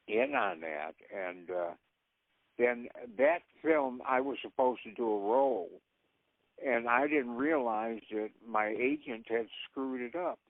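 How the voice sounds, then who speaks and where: An older man with a gravelly voice tells rambling stories, laughing often. He is heard over a thin, tinny phone line. The sound is dry, with no room around it. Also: mid-range voice, dry recording. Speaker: actor guest. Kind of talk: casual anecdotes.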